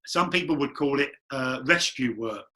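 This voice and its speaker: Bright-voiced man telling stories. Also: mid-range voice, normal speed. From London. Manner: chatty, rambling anecdotes with acted quotes. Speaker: guest medium. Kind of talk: candid storytelling interview.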